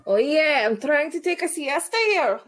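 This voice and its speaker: A woman's voice: sits high, expressive, normal speed. A woman voicing a flirtatious, teasing male prisoner who drops bits of Spanish into his speech. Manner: playful, affectionate, bits of Spanish. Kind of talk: playing a tabletop game.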